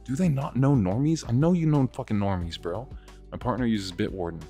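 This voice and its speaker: A man in his twenties hosting a livestream, ranting excitably with lots of swearing and laughter. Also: medium pitch, fairly quick, faint music behind. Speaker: livestream host. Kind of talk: livestream rant.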